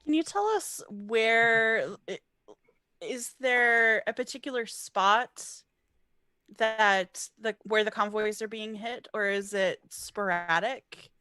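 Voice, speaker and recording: A woman playing in a tabletop game, asking careful, unhurried questions. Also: a little high, sharp tone, clear, resonant tone, no echo. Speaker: player.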